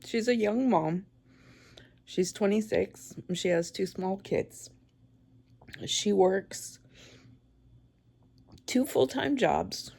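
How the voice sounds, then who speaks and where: Slow, gravelly woman tearing up. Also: medium pitch, a little mellow. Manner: tearful, halting, with many pauses and restarts. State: crying. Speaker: vlogger. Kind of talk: emotional personal vlog.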